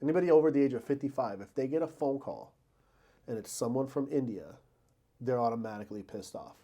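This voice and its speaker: A man co-hosting a laid-back podcast at an ordinary mid pitch. He rambles, trips over his own words and corrects himself, and slips jokes in as he goes. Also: fast talker, dark tone. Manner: rambling, self-correcting, jokey. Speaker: podcast co-host. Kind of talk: casual podcast chat.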